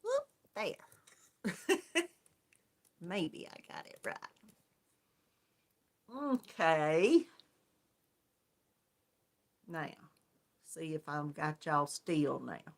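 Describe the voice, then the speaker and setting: Woman, homey livestream chat, unhurried, lively melody. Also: low voice. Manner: chatty and homey, calls viewers hon. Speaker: crochet livestream host. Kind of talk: casual livestream chat greeting viewers.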